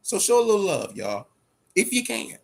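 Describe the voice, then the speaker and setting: A man's voice: sits high, big pitch swings, normal speed, creaky. A man hosting a boxing show, talking casually and profanely, amped up and fidgety, repeating himself often. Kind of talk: casual livestream talk.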